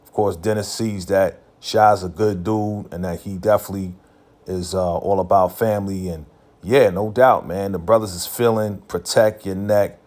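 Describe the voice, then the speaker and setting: A man's voice: low-pitched, steady tone, normal speed, darkish tone. A man casually recapping a TV episode in a laid-back, slangy way, full of filler phrases.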